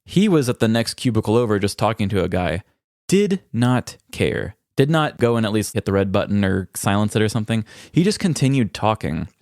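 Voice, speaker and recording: A man with a low voice co-hosts a casual podcast, recounting office stories and acting out what people said. His sound is close and dry, with no room around it. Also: brisk, dry recording. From Missouri, US. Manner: animated retelling of work stories with mimicked quotes. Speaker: podcast co-host. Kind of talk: casual chat, storytelling.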